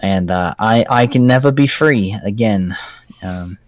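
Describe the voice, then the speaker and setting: A man's voice: on the low side, unhurried, dry recording. Young man, joking, dry close sound. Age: young adult. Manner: joking, drawling, many fillers. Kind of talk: casual chat.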